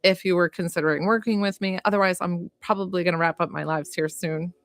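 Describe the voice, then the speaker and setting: A woman's voice: fairly low pitch, steady tone, quick pace, no room sound. A young woman from Georgia, chatting on a phone livestream as a psychic medium, gushing and reassuring and rambling with fillers. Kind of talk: casual livestream chat and reading.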